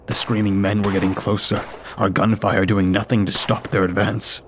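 A man reading a scripted horror story in a steady, measured way. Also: fairly low pitch, slight background noise. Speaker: story narrator.

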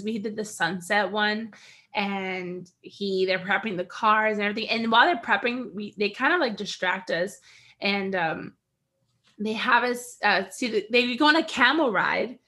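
A woman's voice: mid-range voice, normal speed. A young American woman on a casual podcast, telling a travel story with lots of laughter and acted-out quotes. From United States. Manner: animated storyteller, laughs often, acts out quotes. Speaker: podcast co-host. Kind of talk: casual chat.

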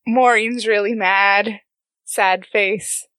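Woman, tabletop player, playful, blunt, bright tone, dry close sound. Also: mid-range voice, steady tone, drawn-out words, no room sound. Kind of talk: casual tabletop play.

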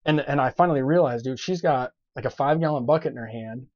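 A man, a podcast guest, telling stories in casual chat, animated, with lots of fillers and laughter in his lines. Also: mid-range voice, fast talker, no echo. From grew up on a farm. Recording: dull lo-fi podcast audio.

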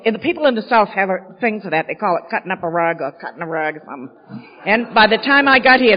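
Woman, from Maine, candid self-mocking storytelling, muffled sound, long hall reverb. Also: medium pitch. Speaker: speaker sharing recovery story. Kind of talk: storytelling talk at a recovery gathering. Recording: dull sound in a big hall with long echo.

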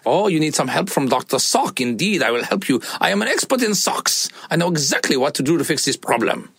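A man's voice: on the high side, very animated, fairly quick, creaky, fairly bright tone, husky, no room sound, studio quality, voice pushed up, full character voice. A man voicing Doctor Sock, a grandly formal, self-assured male expert in socks, in a playful put-on voice for his child. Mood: grandiose.

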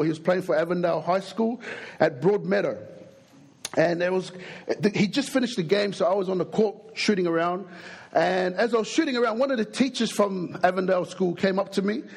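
A young adult man with an Australian accent preaching a sermon, an animated, jokey storyteller who acts out the people in his stories. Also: high-pitched, vocal fry, slightly rough.

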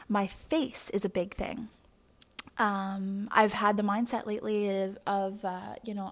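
A young adult woman hosts her own podcast in a personal, confessional monologue. She talks openly and rambles along, restarting sentences and filling pauses with little fillers. Her voice sits at an ordinary middle pitch. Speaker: podcast host.

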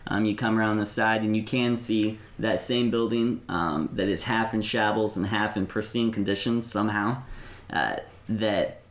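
A man narrating as game master of a tabletop game, talking haltingly with fillers and restarts. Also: fairly low pitch, fairly even intonation, roomy sound.

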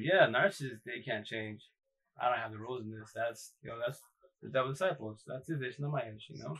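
A man's voice: mid-range voice, brisk, fairly bright tone, slightly rough, low-quality recording. A man hosting a casual livestream, talking in a rambling, emphatic way, swearing often and repeating himself. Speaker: livestream host.

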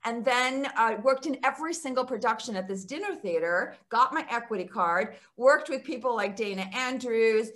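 A woman's voice: fairly high pitch, lively intonation, normal speed, hardly any pauses, fairly bright tone. Older woman telling stories over a video call. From Texas. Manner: chatty, laughs often while telling stories. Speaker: guest actress. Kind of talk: casual interview storytelling.

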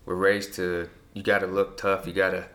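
A man telling personal stories in a relaxed, casual conversation, with lots of fillers. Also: deep voice, normal speed. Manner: relaxed storytelling with many fillers. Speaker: guest.

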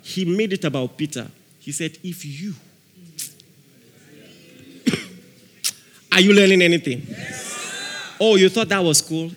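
A man preaching with a bright, high-pitched, very lively voice. He acts out voices in his stories and shouts example prayers. His voice rings through a hall with long reverb. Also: slow pace, pauses often. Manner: animated preaching, acting out quotes, laughing, shouting prayers. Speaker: pastor. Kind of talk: sermon.

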